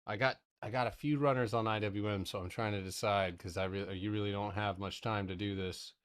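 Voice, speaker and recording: A young man giving casual live trading commentary to his community, excitable and profane, talking in broken half-sentences. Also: on the low side, brisk, smooth. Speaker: stock trading streamer.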